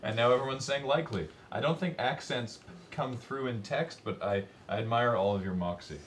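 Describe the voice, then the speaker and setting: A man's voice: medium pitch, fairly quick, slight background noise. A man hosting a live charity stream, chatting in an upbeat, giggly way with a call-in guest. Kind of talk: casual chat.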